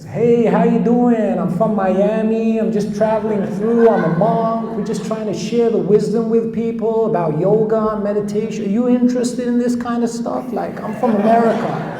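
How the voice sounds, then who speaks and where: Brief: an English man faking a breezy American street pitch, high voice, roomy hall with long reverb. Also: fairly even intonation, normal speed, few pauses, a crowd in the background. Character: English monk faking a cheery American accent. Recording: echoey hall with faint noise.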